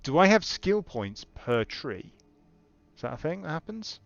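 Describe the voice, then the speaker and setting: A man's voice: on the high side, sing-song, unhurried, gravelly, highs cut off, faint music behind. A young man casually commenting as he plays a video game, thinking aloud with exasperated asides. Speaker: gamer. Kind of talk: casual let's-play commentary.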